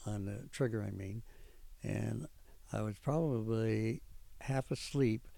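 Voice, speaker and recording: An older man with a gravelly, mellow voice recounts his memories, stopping often with fillers as he rambles on. The sound is dry and close. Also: fairly low pitch, no room sound. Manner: rambling storytelling with frequent pauses and fillers. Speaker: veteran interviewee. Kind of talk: oral history recollection.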